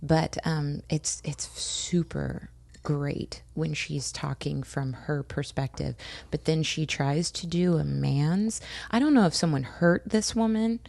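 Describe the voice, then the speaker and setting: Gravelly-voiced American woman telling stories. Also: low-pitched, slow, no echo. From United States. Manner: animated storytelling, acting out quotes. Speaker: podcast co-host. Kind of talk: casual chat.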